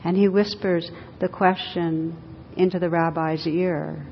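A woman teacher gives a dharma talk, telling stories in a gentle way with light laughter. Her voice sits on the low side. The sound has a long echo from a hall, with a faint rumble underneath. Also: steady tone, unhurried. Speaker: meditation teacher. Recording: dull lo-fi recording in an echoey hall with faint rumble.

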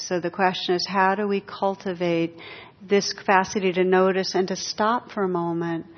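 A woman meditation teacher giving a dharma talk to a live audience, reflective and pausing, laughing at her own jokes. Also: mid-range voice. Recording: dull lo-fi talk recording.

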